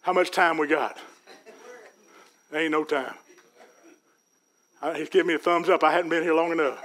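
A man preaching a sermon in a church, folksy and rising to loud peaks. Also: a little high, steady tone, normal speed, a little hiss or hum. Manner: folksy preaching, Southern US dialect, builds to shouts. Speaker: pastor. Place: church sanctuary.

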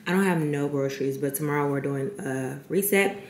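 A young woman with a raspy voice, chatting excitedly in a casual vlog. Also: low voice, fairly quick, a little hiss or hum, rough recording. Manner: chatty, excited, lots of fillers. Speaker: vlogger.

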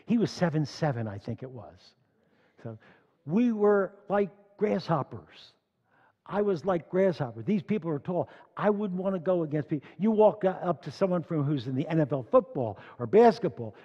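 An older man preaches to a congregation, mixing personal stories with scripture that he reads out loud and strong. His voice sits a little high for a man. The recording is muffled and rings with long reverb from a large hall. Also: sing-song, moderate pace, breathy edge. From Philadelphia. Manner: storytelling, rising loud when reading scripture. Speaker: congregation leader. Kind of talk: sermon. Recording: dull echoey church hall recording.

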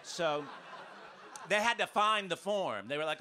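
An American man doing a stand-up comedy set in a club, ranting with punchy, animated delivery. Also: high-pitched, a little slow, a little hiss or hum. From United States. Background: audience laughter.

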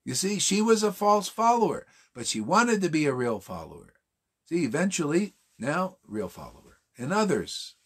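Man, husky voice, lively swinging pitch, casual sermon, rhetorical questions, slangy. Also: moderate pace. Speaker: spiritual teacher. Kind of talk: informal morning class sermon.

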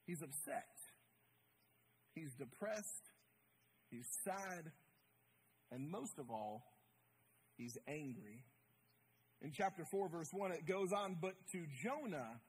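A male pastor preaching a sermon in a church, animated, swinging his pitch wide as he acts out the people in the story. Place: church sanctuary.

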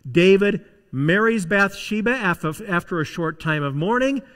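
High-voiced pastor in a ringing hall. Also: male voice, unhurried. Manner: animated, conversational storytelling. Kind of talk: sermon with storytelling. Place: church sanctuary. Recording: reverberant church hall.

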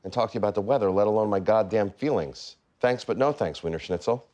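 A man's voice: on the low side, fast, mellow, muffled recording, lightly acted. An actor playing a brash, anxious male lawyer who talks bluntly and emotionally. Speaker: law firm partner.

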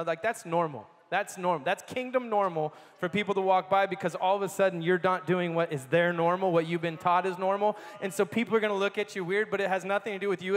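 A man giving a sermon as a personal story, animated and laughing often as he tells it. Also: high-pitched. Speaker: conference speaker. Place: large conference hall. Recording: long hall reverb.

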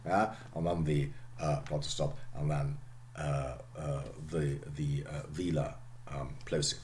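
A man giving a lecture on speech sounds, halting and full of "okay" and "uh", sometimes dropping to a whisper at the end of a phrase. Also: very deep voice, little pitch movement, darkish tone. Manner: halting delivery, frequent "okay" and "uh". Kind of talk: recorded phonetics lecture.

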